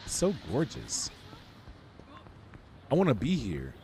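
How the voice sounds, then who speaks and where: A man streaming a video game, giving casual commentary with wry, sarcastic asides and sudden excited outbursts. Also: medium pitch, slow pace, slight background noise.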